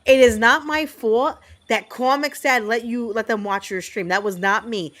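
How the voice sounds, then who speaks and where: A woman's voice: fairly high pitch, moderate pace, fairly bright tone. A woman in her thirties chatting casually with her viewers as a game streamer, telling blunt stories full of fillers and the odd curse word. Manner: blunt, chatty storytelling with frequent fillers and cursing.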